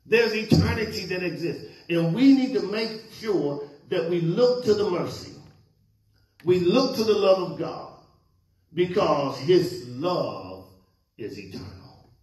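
A man's voice: high-pitched, animated, slow pace, a little mellow. A male pastor preaching a sermon, questioning his congregation and waiting for answers. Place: church sanctuary. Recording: echoey church hall.

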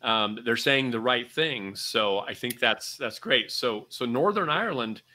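A man's voice: medium pitch, expressive, a little slow, pushed and bright. A man hosting an interview, enthusiastic and full of "uh" fillers. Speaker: interview host.

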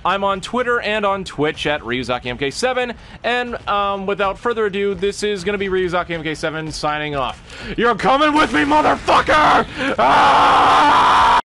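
A man streaming a horror game, reacting with loud laughing and swearing outbursts. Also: sits high, slight background noise. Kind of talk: excited gameplay commentary.

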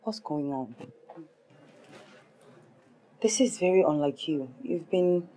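An actress with a Nigerian accent playing a caring friend who asks soft, concerned questions. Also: female voice, deep voice, animated, slow pace, heavily acted. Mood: worried.

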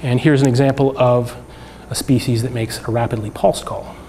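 A man's voice: mid-range voice, moderate pace, a little hiss or hum. Male lecturer talking through slides. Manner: relaxed, conversational, with frequent fillers and restarts. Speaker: workshop instructor. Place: lecture room.

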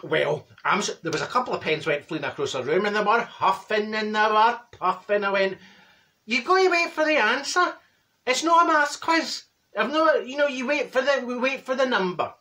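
A man's voice: high voice, brisk, few pauses, pushed and bright. A man playing a chatty, straight-talking woman from Glasgow with a Glaswegian Scottish accent, telling a comic story in a gossipy, bossy way and acting out other people's voices. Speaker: comedy character. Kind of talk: comedy character monologue.

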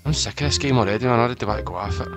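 A man's voice: medium pitch, rapid-fire, music in the background. A young man, swearing and mocking his friends in casual gaming chat. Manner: swearing, mocking banter, loud outbursts. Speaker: gamer.

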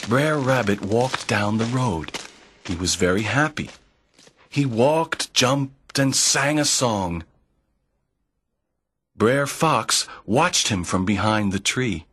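A man reads a folk tale aloud slowly, in a measured way meant for learners. His voice is a little husky. The sound is dry and close, with no room around it. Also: medium pitch, fairly bright tone, dry recording. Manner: clear, measured storytelling. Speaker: narrator of a graded reader. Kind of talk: slow scripted narration for learners.

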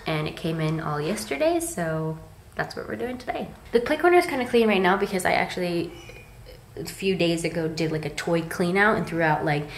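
Bubbly mom vlogger, talks fast and chatty with lots of "like", handheld camera at home. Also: female voice, fairly low pitch, a little hiss or hum. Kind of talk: casual vlog chat to camera. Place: at home in a playroom.

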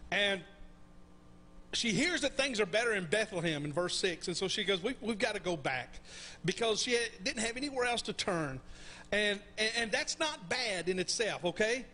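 A man's voice: high voice, expressive, moderate pace, sharp tone, slight background noise. A middle-aged man preaching a conversational sermon, often checking in with the congregation with questions. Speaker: pastor. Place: church sanctuary.

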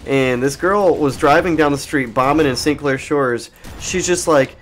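A man's voice: a little high, normal speed, soft background music. An adult man hosting a let's play, telling a meandering, profane, jokey story while he plays. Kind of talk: rambling gaming commentary.

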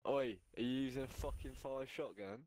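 A man raging and swearing loudly in a game voice chat. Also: medium pitch, fairly quick. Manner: shouting, swearing, laughing. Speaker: gamer in voice chat.

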